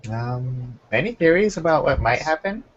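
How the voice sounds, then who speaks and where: A young man hosting a casual chat, relaxed and talkative, keeping an eye on the time. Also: medium pitch, moderate pace. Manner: relaxed, chatty, keeps time. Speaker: podcast host. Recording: muffled lo-fi recording.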